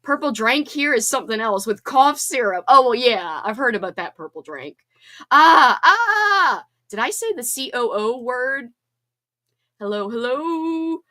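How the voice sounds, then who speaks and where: Woman, livestream host, casual chat from home; bubbly, fairly high voice with a lot of pitch movement. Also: lively intonation, pushed and bright. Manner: bubbly and chatty, quick laughs and squeals. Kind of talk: casual chat reading out viewer comments.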